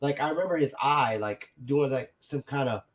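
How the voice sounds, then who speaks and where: At a moderate pace and mid-range pitch, a man recounts a personal story in easygoing conversation. It's rambling and profane, heavy on "like" and "you know," with him playing out others' words.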